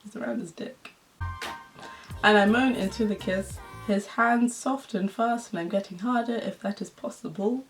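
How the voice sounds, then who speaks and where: A woman's voice: medium pitch, moderate pace, faint music behind. A young adult woman vlogger reads her old fan fiction aloud, laughing and adding embarrassed, self-mocking asides.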